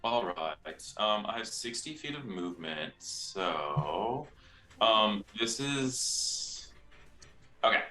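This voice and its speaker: A man playing a tabletop game, chatty, thinking aloud and counting his dice out loud. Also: lowish voice, big pitch swings, slow, faint music behind. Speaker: player. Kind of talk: tabletop gaming chat.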